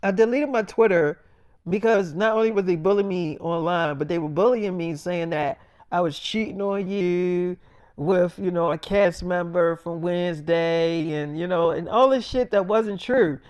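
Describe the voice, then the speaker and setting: A man with a high-pitched voice tells a rambling, profane story, quoting both himself and others as he goes. The sound is close and dry. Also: moderate pace, smooth, no room sound. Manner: rambling, profane, quotes people back and forth. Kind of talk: casual spoken story, freestyle.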